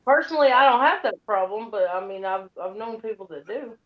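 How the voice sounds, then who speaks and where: Friendly higher-voiced woman streamer. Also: expressive, fairly quick, poor audio. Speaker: guest streamer. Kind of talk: casual live-stream chat.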